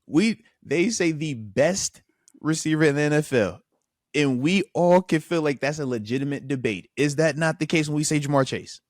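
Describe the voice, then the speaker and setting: A man hosting casual sports talk, animated and emphatic, repeating himself when he gets worked up. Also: a little high, moderate pace, dry recording, studio quality. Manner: animated, frustrated, emphatic repetition. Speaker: podcast host, former linebacker.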